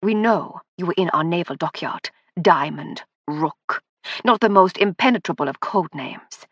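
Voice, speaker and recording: A woman's voice: lowish voice, animated, a little slow, no room sound, highs cut off. A woman voicing an arrogant male spy, coldly polite and sneering. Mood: menacing. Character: arrogant German male spy, cold and mocking.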